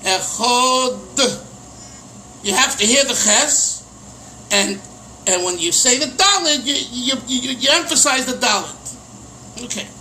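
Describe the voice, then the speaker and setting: A man's voice: very high voice, lively intonation, a little slow, bright, forceful tone, a little hiss or hum, low-quality recording. A middle-aged man, a rabbi, teaching a Chassidic text in a casual lesson, explaining line by line and acting out questions.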